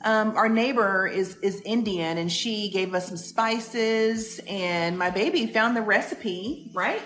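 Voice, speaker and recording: A woman's voice: mid-range voice, slow pace, a bit bright, echoey room, slight background noise. A woman co-hosting a casual live stream from a home kitchen, chatting and reading out viewers' comments. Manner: chatty, laughing, greets viewers.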